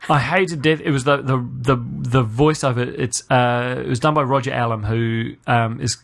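A man hosting a podcast with a casual, sarcastic review in a mid-range voice. He stumbles and restarts as he rants, and he swings up into a high, disbelieving pitch. He sounds exasperated rather than calm. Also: normal speed, gravelly. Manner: exasperated ranting, pitch leaping up when incredulous. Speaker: podcast host. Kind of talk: casual spoken film review.

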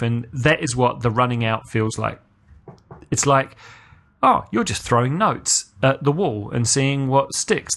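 A man hosting a podcast and giving a casual spoken review. He rants with sarcasm, restarts his sentences often, and his voice jumps up sharply when he is incredulous. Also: fairly bright tone. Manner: exasperated ranting, pitch leaping up when incredulous. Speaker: podcast host.

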